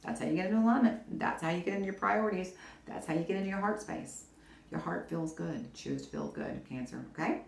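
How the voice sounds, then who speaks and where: A woman giving a casual weekly tarot reading to camera, animated and encouraging, speaking straight to the viewer. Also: on the low side, a little fast, gravelly. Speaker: tarot reader. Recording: roomy echo.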